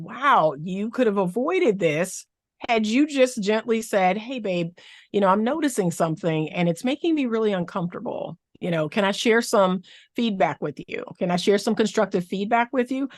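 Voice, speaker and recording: A woman therapist talks as a podcast guest with lively emphasis, driving her points home by repeating key phrases. Her voice sits at an ordinary middle pitch. The sound is dry and close, with no room echo. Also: moderate pace. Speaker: therapist and relationship coach.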